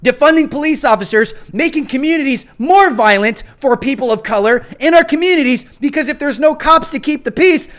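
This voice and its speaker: Male host with a high voice, combative and insistent, driving points home in an emphatic rant. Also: brisk, hardly any pauses, a bit bright. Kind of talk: political commentary rant.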